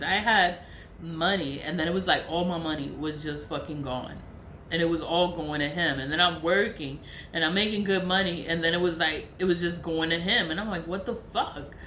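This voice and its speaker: A woman's voice: on the low side, fairly bright tone, a little hiss or hum. Woman venting in an echoey room. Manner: venting, profane, repeats herself. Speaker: vlogger. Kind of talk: angry monologue to camera. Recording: echoey room with faint ambience.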